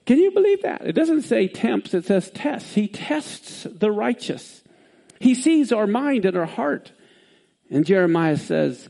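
A man preaching a sermon, reading scripture aloud with sudden swings in pitch. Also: sing-song, moderate pace, vocal fry, warm tone.

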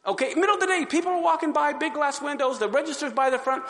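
A high-pitched man with a gravelly edge tells his testimony in a sermon style. He is an animated storyteller who acts out each scene, and his voice carries a long hall reverb. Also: quick pace. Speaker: speaker giving his testimony.

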